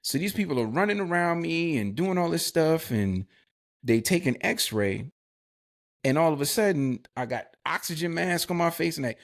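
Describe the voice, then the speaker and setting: A man's voice: a little high, normal speed. A man co-hosting a podcast, telling a personal story in casual slang and acting out the people in it. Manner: animated storyteller, acts out quoted dialogue. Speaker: podcast co-host. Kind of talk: storytelling in a live podcast chat.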